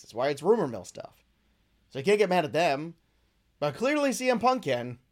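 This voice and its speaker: Man, show host, casual opinionated commentary, rambling, middle pitch, animated delivery. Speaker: podcast host.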